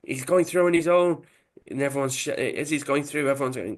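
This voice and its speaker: A man's voice: medium pitch, a little fast. Chatty man retelling a comic. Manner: chatty, animated storytelling. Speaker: podcast host. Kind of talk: casual story retelling.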